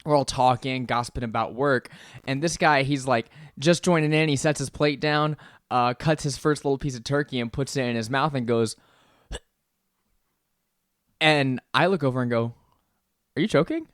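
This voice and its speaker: A young man co-hosting a podcast, telling a story in casual chat, lively and laughing often as he acts out what people said. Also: mid-range voice, moderate pace, no echo, clean studio sound. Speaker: podcast co-host.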